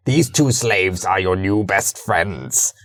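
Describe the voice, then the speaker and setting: A man voicing a smug, sinister male Imperator with a slow, low, gloating delivery. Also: a bit bright, exaggerated voice.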